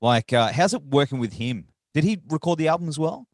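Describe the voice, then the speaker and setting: A male podcast host with a rough morning voice, chatting in a laid-back, slangy way. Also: a little high, animated, brisk, no room sound, clean studio sound. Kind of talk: casual interview chat.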